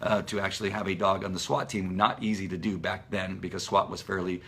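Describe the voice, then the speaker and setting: A man who trains police dogs, talking casually and at length on a live stream, rambling with many fillers and restarts, and now and then barking out a loud dog command. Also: deep voice, fairly even intonation, fairly quick, husky. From Southern California.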